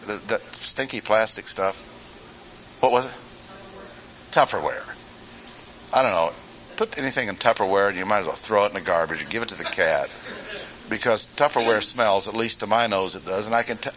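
A man's voice: lowish voice, bright, forceful tone, slight background noise, rough recording. A man preaching an expository sermon in a conversational way, with rhetorical questions and humorous asides.

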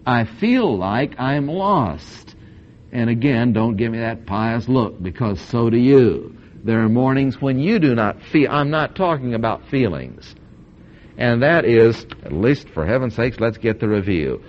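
A man's voice: mid-range voice, expressive, measured pace, slight background noise. Emphatic male preacher on old tape. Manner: emphatic, repeats words for stress, swings between loud and quiet. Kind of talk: sermon. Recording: dull lo-fi old tape recording.

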